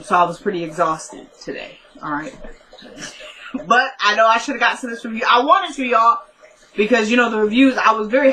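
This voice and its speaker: A woman's voice: mid-range voice, pushed and bright, low-quality recording. A young woman recapping a TV episode in casual chat, talking straight to her viewers and laughing often. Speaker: TV recap vlogger.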